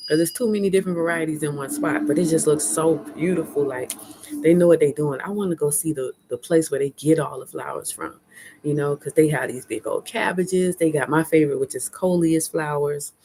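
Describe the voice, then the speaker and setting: A chatty woman talks candidly to her live-stream viewers. Her voice sits low for a woman, and she laughs often as she goes. She is recorded outdoors on a phone held at arm's length. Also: fairly quick, noisy background. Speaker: vlogger hosting a live stream. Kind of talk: casual live-stream chat. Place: outdoors at a fair.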